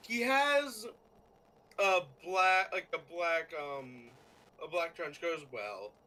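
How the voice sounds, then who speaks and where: A man narrating as game master of a tabletop game, in a halting way with many fillers and restarts. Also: a little high, animated, sharp tone, rough recording.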